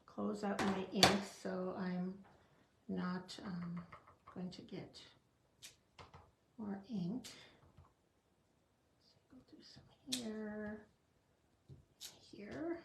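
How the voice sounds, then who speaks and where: Woman, card-making tutorial, chatty, slow-paced, echoey room, faint background noise. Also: medium pitch, creaky. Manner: chatty, talks to herself while working, small laughs. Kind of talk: casual stamping tutorial.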